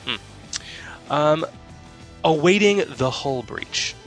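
A man's voice: fairly high pitch, animated, extremely slow, a bit bright, soft background music. A man co-hosting a tabletop gaming podcast, chatty and explanatory as he walks through rules. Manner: chatty and explanatory, lots of fillers. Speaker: podcast co-host and game master. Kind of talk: casual gaming podcast chat.

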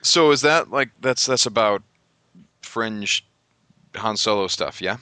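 A man chatting casually on a podcast, telling animated stories and slipping into voices. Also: fairly low pitch, slow, no echo. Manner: animated storyteller, does voices in anecdotes. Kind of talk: casual chat.

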